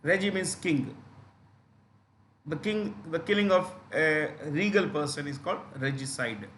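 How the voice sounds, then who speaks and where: A man's voice: on the high side, measured pace, a bit bright, slight background noise. A man with an Indian English accent giving an exam-prep lecture, explaining step by step with many fillers and repeated key terms. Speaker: teacher.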